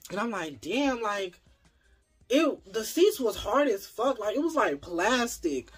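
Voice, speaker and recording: A young adult vlogger telling a personal story in a casual, animated, profane and dramatic way. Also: mid-range voice, unhurried, slightly rough, soft background music.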